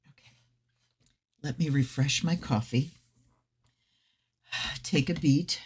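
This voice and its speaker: A woman's voice: deep voice, slow, darkish tone, husky. Chatty woman tarot reader, swearing. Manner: chatty and effusive, swearing, with frequent personal asides. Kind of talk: casual deck review reading aloud from a guidebook.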